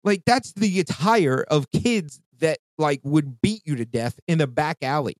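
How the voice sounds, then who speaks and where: A man's voice: on the high side, measured pace, no room sound. A man in his thirties, hosting a podcast in casual chat and telling a story in a heated, profane rant. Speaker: podcast host.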